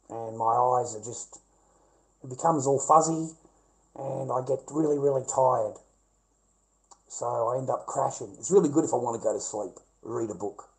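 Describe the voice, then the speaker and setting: A man's voice: on the low side, low-quality recording. A middle-aged Australian man ranting bluntly and profanely in casual talk to his viewers.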